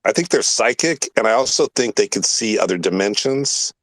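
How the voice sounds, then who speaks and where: A man's voice: on the low side, animated, moderate pace, fairly bright tone, no room sound. A man hosting a casual talk show, telling a rambling story full of swearing and emphatic asides. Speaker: podcast host.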